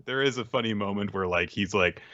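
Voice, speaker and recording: A man's voice: lowish voice, fairly quick, highs cut off. A man co-hosting a casual podcast, recapping chapters and laughing as he tells the story. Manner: laughing, animated storytelling with acted-out quotes. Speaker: podcast co-host. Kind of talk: casual manga recap chat.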